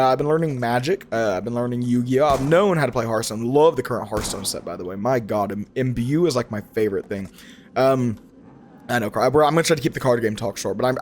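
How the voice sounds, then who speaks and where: A young man giving casual, rambling commentary as he plays a video game, often restarting his sentences. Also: mid-range voice. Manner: rambling, animated, frequent self-corrections. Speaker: gaming YouTuber.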